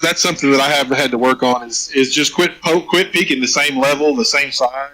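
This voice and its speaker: A man's voice: medium pitch, brisk, sharp tone, low-quality recording. A man in a casual group chat, giving tips and teasing his teammates.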